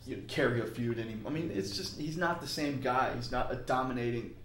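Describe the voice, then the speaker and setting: A man talks loosely and at length, circling back and restarting his thoughts as he weighs his picks. His voice sits at an ordinary middle pitch. The recording carries a roomy echo with a faint ambient hum underneath. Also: fast talker, fairly bright tone. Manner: rambling, restarts sentences, hedging. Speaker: podcast co-host. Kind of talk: casual wrestling chat.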